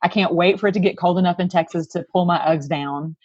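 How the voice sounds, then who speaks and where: A woman's voice: lowish voice, fast, a little mellow, no echo, dull audio. A woman co-hosting a podcast, chatting in a bubbly way and laughing easily. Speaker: podcast co-host. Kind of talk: casual podcast chat.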